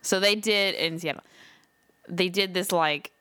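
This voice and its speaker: A woman's voice: fairly low pitch, unhurried, sharp tone, clear, resonant tone. A woman co-hosting a podcast, chatting casually with lots of filler words and frequent laughs. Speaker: podcast co-host. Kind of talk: casual chat. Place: Seattle area.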